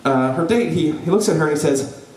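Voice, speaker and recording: A young man telling a personal story live before an audience, lively and joking, with frequent "right?" asides to the crowd. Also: a little high, brisk, soft background music. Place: event hall before an audience. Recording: roomy hall, voice from a distance.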